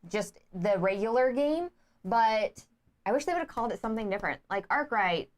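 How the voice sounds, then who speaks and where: A woman's voice: a little high, lively intonation, moderate pace. A woman co-hosting a board game review show, talking with enthusiastic emphasis. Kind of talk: casual chat.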